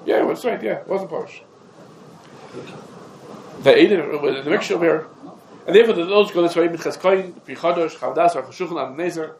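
A man teaching a lecture on religious law, in quick clipped phrases with repeated fillers like "come on" and "over here". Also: on the high side, a little mellow. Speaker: Talmud teacher. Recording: echoey room with faint background noise.

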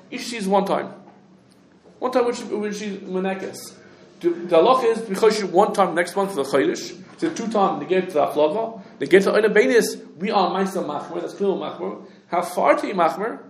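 A man teaching a halachic lecture, talking quickly with restarts and lots of Hebrew and Yiddish terms. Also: sits high, animated, creaky, echoey room, slight background noise. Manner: rapid, halting, many restarts, heavy Hebrew terms. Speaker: Torah teacher.

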